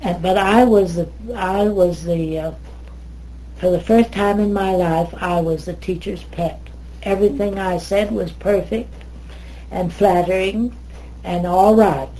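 An older American woman telling stories in an interview, lively, wandering, and often correcting herself. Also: medium pitch, measured pace, poor audio. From United States. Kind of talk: oral history storytelling.

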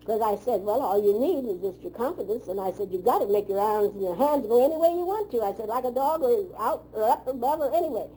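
A woman's voice: on the high side, lively intonation, fast, hardly any pauses, dark tone, slight background noise, rough recording. An older woman reminiscing in a rambling, outspoken way, telling old family stories in folksy phrasing during an interview. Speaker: oral history interviewee.

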